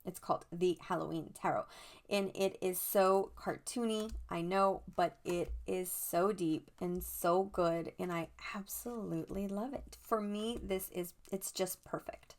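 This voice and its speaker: A woman hosting a casual show-and-tell vlog, chatty and gushing with excitement. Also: fairly low pitch, unhurried. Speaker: tarot channel host.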